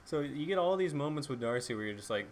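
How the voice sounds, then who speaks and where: A man's voice: medium pitch, expressive, slight background noise. A young man chatting casually about a book and its movie, swearing freely and acting out lines. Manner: acts out characters' lines in quick asides. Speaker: book reviewer.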